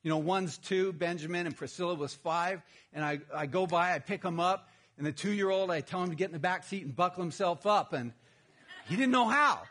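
A man's voice: high-pitched, a little fast, hardly any pauses, fairly bright tone. A man preaching a sermon, telling a humorous personal story and then addressing the congregation. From Texas. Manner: storytelling, self-deprecating humor. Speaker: pastor.

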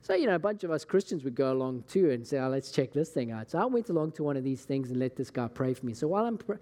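A man's voice: medium pitch, very animated, fast, mellow. A man with a Scottish accent preaching a sermon as a casual, chatty personal story, acting out conversations along the way. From Scotland. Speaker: pastor. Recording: long hall reverb.

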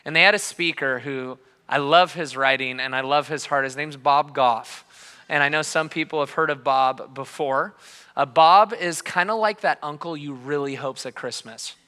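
A man's voice: a little high, moderate pace, smooth. Passionate man preaching in a reverberant hall. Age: 30s. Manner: passionate storytelling, swings between quiet and loud. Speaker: pastor. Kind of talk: sermon. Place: church hall.

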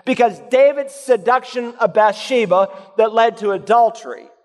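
A man preaching a sermon, reading scripture in a low, measured voice and rising to loud, emphatic points. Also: long reverb tail. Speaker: pastor.

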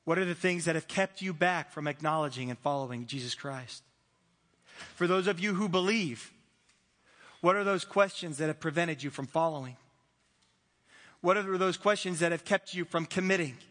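A man's voice: a little high, moderate pace, pauses often, fairly bright tone. A man preaching a conversational sermon as pastor, acting out little dialogues and chuckling as he goes. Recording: reverberant hall.

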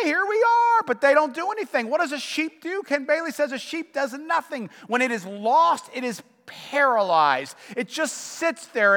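A man preaching a sermon as pastor, telling stories in an animated, emphatic way. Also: very high-pitched. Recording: long church reverb.

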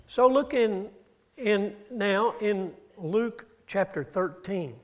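A man's voice: expressive, extremely slow. A man preaching a sermon, retelling scripture stories with his voice rising and falling for emphasis. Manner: storytelling, rises and drops in pitch and loudness. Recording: audio-only church recording.

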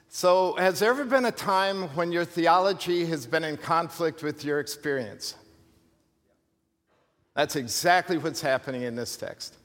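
A male pastor preaching an animated, emphatic sermon with rhetorical questions and humorous asides. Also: a little high, moderate pace. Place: church sanctuary. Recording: long hall reverb from a church.

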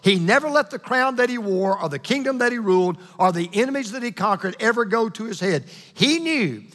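A man preaching a sermon to a congregation, with an emphatic, repetitive cadence that slows down for key lines. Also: high voice, animated, fairly bright tone, in a large hall. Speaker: pastor. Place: church hall with congregation.

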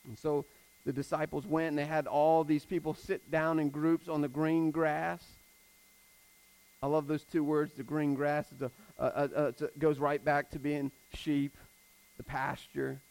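A male pastor preaching a sermon in a conversational way, with casual fillers, swinging between emphatic and hushed delivery. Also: a little high, flat delivery, a little slow, vocal fry, poor audio.

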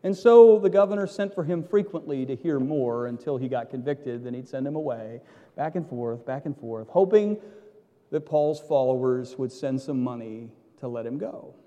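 A male pastor preaching a sermon, emphatic and theatrical, swinging from loud to hushed. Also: medium pitch, expressive, normal speed, long reverb tail.

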